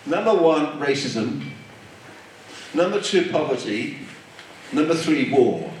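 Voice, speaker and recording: A man delivers a sermon in an emphatic, repetitive preaching cadence. His voice sits a little high and rises and falls with great animation. He speaks slowly, and the recording is captured from a distance in a very echoey hall. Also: lively intonation, slight background noise.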